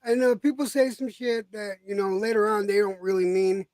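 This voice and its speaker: A woman's voice: mid-range voice, fairly even intonation, a little fast, a little mellow, no echo. A woman in a casual chat who talks bluntly, curses freely and reassures the people she is talking with.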